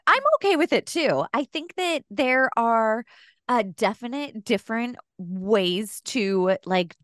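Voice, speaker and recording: A woman's voice: mid-range voice, a bit bright, dry recording, clean studio sound. A woman co-hosting a chatty podcast, reading listener letters aloud and laughing often. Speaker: podcast co-host. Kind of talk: casual chat.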